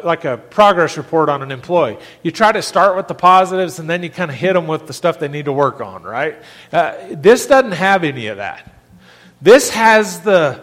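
A man's voice: fairly high pitch, fairly bright tone, in a large hall. A man preaching a sermon as pastor, conversational, restarting his phrases often and rising in emphasis as he makes his points.

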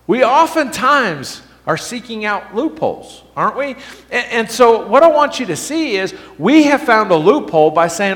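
A high-voiced man delivers a sermon to his congregation, his pitch leaping up and down as he makes his points. He keeps asking the room questions and stumbles over his restarts as he goes. His voice rings out with the long reverb of a church hall. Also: moderate pace. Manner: animated, asks the congregation questions, stammers on restarts. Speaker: pastor.

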